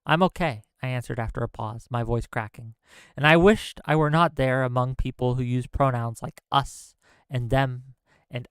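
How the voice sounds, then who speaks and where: A man's voice: on the high side, fairly bright tone, smooth, dry recording. A man hosting a political commentary stream, ranting heatedly with profanity and reading an essay aloud. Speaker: stream host.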